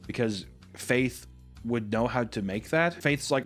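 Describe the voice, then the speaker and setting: A man's voice: medium pitch, lively intonation, normal speed, soft background music. A young man hosting a comedic movie recap, laughing often and mimicking characters mockingly. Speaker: commentary host.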